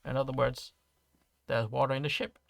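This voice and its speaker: A man runs a tabletop game, describing the scene in a halting way full of fillers and self-corrections. His voice has a gravelly, fry-tinged edge. It sounds close and dry, with no room around it. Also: mid-range voice, steady tone, fairly bright tone, no room sound. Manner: halting, many fillers and restarts. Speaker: game master.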